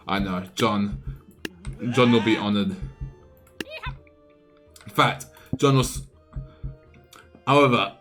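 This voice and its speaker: A man's voice: fairly low pitch, fairly bright tone. A man streaming live, narrating a game battle as an improvised, playful story with frequent restarts.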